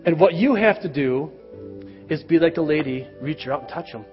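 A middle-aged pastor with a fairly high voice preaches and prays in a church. His earnest, plain-spoken delivery carries a long reverb off the sanctuary walls. The recording sounds dull and lo-fi, with soft music underneath. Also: expressive, moderate pace. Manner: earnest, rises loud when acting out quoted cries. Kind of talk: sermon and closing prayer.

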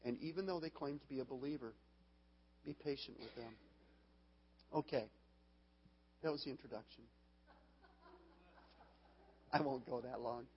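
A man's voice: mid-range voice, measured pace, long pauses, breathy edge. A man preaching a sermon as pastor, earnest and given to laughing at his own stories and restarting phrases. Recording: long hall reverb, dull lo-fi sound.

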